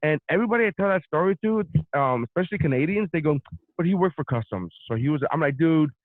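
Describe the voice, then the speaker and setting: A male comedian telling a long, profane travel story in loose conversation. He acts out each exchange and jumps in pitch and volume as he plays the people in it. The sound is dry and narrow, as if heard down a phone line. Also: quick pace, dry recording. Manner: profane, animated, acts out both sides of anecdotes. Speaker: podcast host, comedian. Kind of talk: casual storytelling chat.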